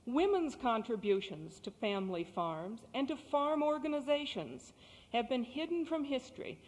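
A woman from Texas giving a prepared speech as guest speaker, crisp and articulate with light humor. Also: a little high, expressive, normal speed, darkish tone. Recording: cassette recording in a reverberant hall.

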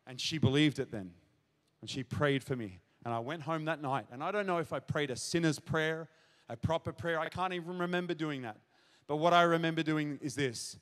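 A man preaching his testimony to a congregation, acting out conversations and building to shouted exclamations. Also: on the high side, fairly quick. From Australia. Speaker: pastor. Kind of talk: testimony sermon to a live congregation. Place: large church hall at a revival event. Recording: live hall reverb.

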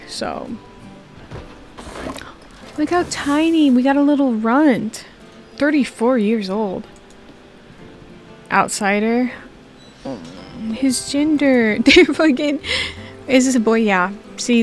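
A woman's voice: sits high, lively intonation, takes it slowly, pauses often, faint music behind. Chatty young woman joking over gameplay. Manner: chatty, joking, talks to herself. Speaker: gaming video creator. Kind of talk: casual gameplay commentary.

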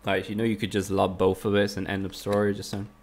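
Gravelly, low-voiced streamer. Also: male voice, monotone, fast talker, slight background noise. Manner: teasing, sweary banter with chat. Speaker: game streamer. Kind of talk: casual live-stream commentary.

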